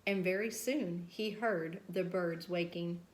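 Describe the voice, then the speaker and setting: Woman storyteller, slow unhurried bedtime read, higher voice, roomy echo. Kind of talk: children's read-aloud.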